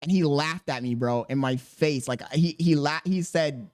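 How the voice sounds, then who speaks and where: A young man hosting a podcast, telling a profane story in a casual, animated way. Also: a little high, moderate pace, no echo, clean studio sound. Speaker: podcast host.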